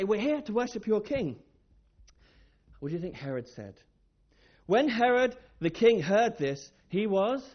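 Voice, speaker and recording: A church speaker tells a Bible story to children with a lively, swooping delivery, stopping often to put questions to them. The recording sounds dull and lo-fi. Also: mid-range voice. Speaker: children's talk leader. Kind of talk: children's sermon.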